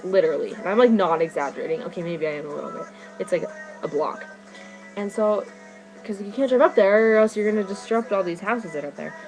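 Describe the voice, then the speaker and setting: A woman's voice: fairly low pitch, rough recording. Rambling teen girl vlogger, music behind. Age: teens. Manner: rambling, fillers, "like" constantly. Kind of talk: excited storytelling to camera. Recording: music playing behind her.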